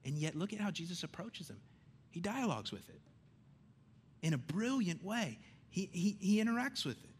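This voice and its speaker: A man preaching a sermon in a conversational, animated way, swinging between loud emphasis and hushed lines. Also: sits high, moderate pace, husky.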